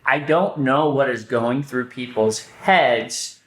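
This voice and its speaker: A man co-hosting a podcast, telling stories in casual chat, animated, swearing, often restarting his sentences. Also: medium pitch, takes it slowly. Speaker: podcast co-host. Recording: roomy echo.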